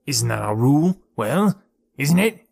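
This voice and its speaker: A man voicing a menacing, gruff adult male forest dweller in an audiobook, sneering and bullying. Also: medium pitch, sing-song, measured pace, darkish tone, dry recording, clean studio sound, pitched above the performer's own voice, full character voice. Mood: suspicious. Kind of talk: audiobook character voice.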